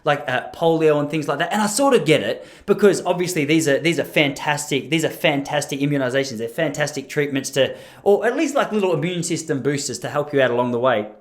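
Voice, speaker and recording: A man's voice: fairly high pitch, lively intonation, fast. A man, rambling and joking about himself as a podcast host. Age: 30s. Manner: self-deprecating, rambling with restarts and laughs. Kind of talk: solo rambling podcast monologue.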